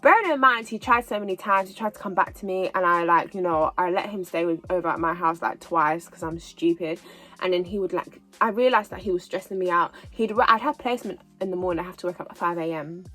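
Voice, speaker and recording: A woman in her twenties telling a personal story in a casual storytime vlog, animated and repeating herself as she goes. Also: fairly low pitch, a little fast, faint music behind, poor audio. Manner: chatty, animated retelling with repeats. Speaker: vlogger.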